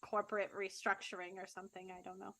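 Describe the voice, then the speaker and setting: A woman's voice: mid-range voice, level tone, quick pace, bright, forceful tone, no echo. A woman playing a tabletop game, rambling playfully and trailing off. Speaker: player. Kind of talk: tabletop role-play.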